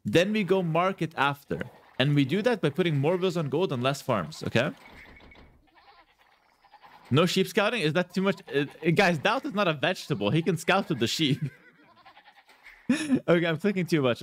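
Playing a strategy game live, a man with a highish, expressive voice gives playful, chatty commentary at normal speed, pausing often. He addresses his viewers as "guys" and repeats words while he thinks.

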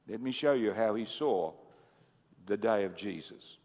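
A man preaching a sermon. He swings from booming emphasis to hushed asides and asks the audience questions. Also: animated, unhurried. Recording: echoey hall with long reverb.

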